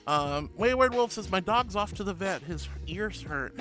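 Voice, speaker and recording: A woman's voice: mid-range voice, lively intonation, unhurried, hardly any pauses, fairly bright tone, soft background music. A woman streamer chatting with her viewers, bubbly and gushing, calling them honey and sweetie. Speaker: VTuber streamer. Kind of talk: casual chat with viewers.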